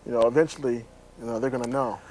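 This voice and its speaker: A man's voice: medium pitch, steady tone, very fast, crowd noise, low-quality recording. Enthusiastic man interviewer. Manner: enthusiastic, effusive praise. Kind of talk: casual interview.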